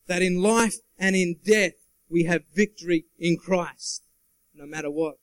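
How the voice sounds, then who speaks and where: An earnest man preaching to a church congregation, his voice sitting high for a man. He drives his points home with emphasis and calls out for the listeners' agreement. The sound is dry and close, with little room echo. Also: unhurried, clear, resonant tone. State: sweating. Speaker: guest preacher. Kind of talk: sermon.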